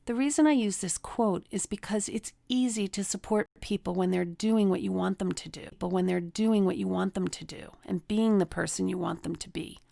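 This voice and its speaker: A woman's voice: mid-range voice, normal speed, vocal fry, few pauses, mellow, dry recording. A middle-aged woman, host of a relationship coaching talk, teaching through personal stories and acting out the people she quotes. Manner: storytelling, acts out quoted people in a raised voice.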